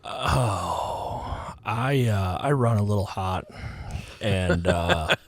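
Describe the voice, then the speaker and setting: A middle-aged man co-hosts a podcast and speaks in a hesitant, halting way, full of fillers. His voice is very low, and his pace is slow. The sound is dry, with no echo. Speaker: podcast co-host. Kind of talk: casual chat.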